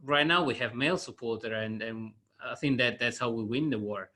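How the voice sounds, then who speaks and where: A man hosting a podcast in casual conversation, hesitant, often restarting his phrases and clearing his throat. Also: mid-range voice, brisk, sharp tone. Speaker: podcast host.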